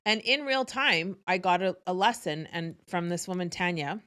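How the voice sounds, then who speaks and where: A woman with a fairly low voice talks to her audience in a candid, casual way. She is energetic and swears freely as she tells a personal story. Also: moderate pace. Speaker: host.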